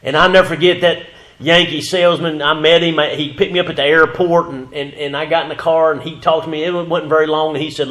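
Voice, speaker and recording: Fervent preacher, fairly high voice. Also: male voice, flat delivery, brisk, roomy sound. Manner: fervent preaching, swells loud then drops to a whisper. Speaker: pastor. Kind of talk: sermon. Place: church sanctuary.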